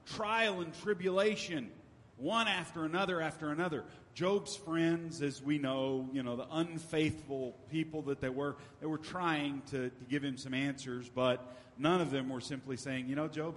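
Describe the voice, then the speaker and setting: Male pastor, fairly high voice, chatty but emphatic sermon delivery, long hall reverb. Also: unhurried, fairly bright tone. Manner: conversational preaching with emphatic repetition.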